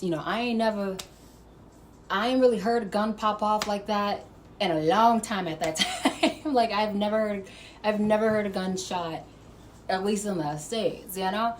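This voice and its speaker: Animated, profane woman telling a story. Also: mid-range voice, moderate pace, slight background noise. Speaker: vlogger. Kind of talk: casual storytime monologue.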